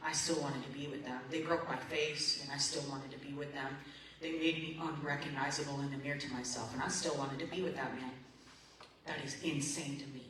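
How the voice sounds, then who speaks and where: A woman's voice: very deep voice, fairly even intonation, a little fast, fairly bright tone. A woman sharing her recovery story at a support meeting, emotional and rambling with lots of "like" and "man". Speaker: recovery group member. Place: meeting room. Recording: very echoey room, voice far from the mic, background noise.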